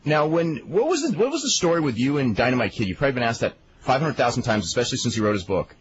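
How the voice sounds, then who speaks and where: A man's voice: medium pitch, big pitch swings, racing, slight background noise. A male radio host asking questions in a casual, easygoing way and laughing readily. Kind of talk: casual interview. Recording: muffled radio broadcast.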